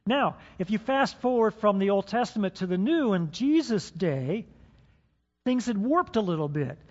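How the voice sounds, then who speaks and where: A pastor with a high-pitched, lively voice preaches at a normal speed, playfully and dramatically staging a role-play with his congregation in a church hall. The sound is dull, with long hall reverb.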